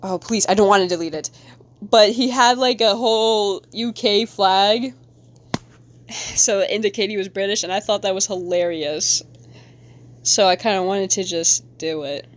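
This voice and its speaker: A woman's voice: mid-range voice, moderate pace. A young woman streamer chatting casually with viewers while drawing, rambling and giggling as she goes. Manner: rambling, giggly, talks to chat. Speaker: live-streaming artist.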